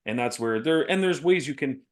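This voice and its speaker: A man's voice: medium pitch, lively intonation, a little fast. A man co-hosting a business podcast, talking casually, telling stories and laughing often. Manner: chatty, laughs often, storytelling. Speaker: podcast co-host.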